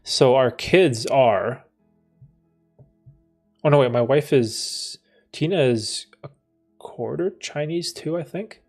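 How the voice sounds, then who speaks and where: A man in his thirties hosting a live stream, reading out chat comments and answering them in a relaxed, chatty way, laughing often and restarting his sentences. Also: medium pitch, slow pace, long pauses, soft background music. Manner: laid-back, laughs often, trails off and restarts. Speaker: livestream host answering chat.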